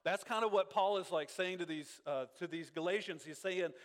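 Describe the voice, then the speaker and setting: A man preaching an informal sermon as pastor of a Bible class, animated, laughing, and acting out quotes. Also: sits high, moderate pace. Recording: long hall reverb.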